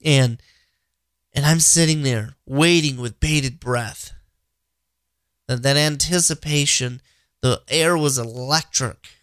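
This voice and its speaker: A man's voice: mid-range voice, takes it slowly, long pauses, a bit bright, clean tone, no echo. Male podcast host, 30s, earnest devotional talk, stammers and restarts, dry close sound. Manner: earnest, repetitive, frequent restarts. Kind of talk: inspirational faith talk.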